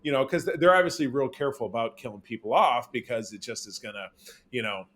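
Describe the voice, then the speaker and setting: A man co-hosting a casual podcast, chatting with lots of fillers and quick mock character voices. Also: mid-range voice. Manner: animated, quick impressions of characters, many fillers. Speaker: podcast co-host. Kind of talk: casual chat.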